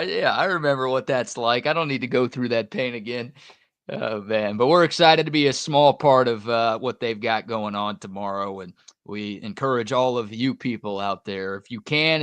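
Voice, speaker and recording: A man co-hosts a sports talk show, his voice low and recorded close and dry. He teases his partner with deadpan jabs in casual studio banter. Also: no room sound. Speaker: sports radio co-host.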